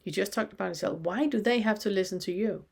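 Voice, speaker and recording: A woman giving a spoken spiritual lesson in a calm, reflective way, posing many rhetorical questions to the listener. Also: medium pitch, fast talker, creaky, slightly rough. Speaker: spiritual teacher.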